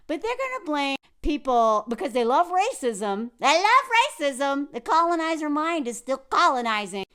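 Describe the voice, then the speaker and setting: An American woman with a Southern accent ranting sarcastically in a political commentary vlog, swinging between loud and soft. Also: high voice. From United States.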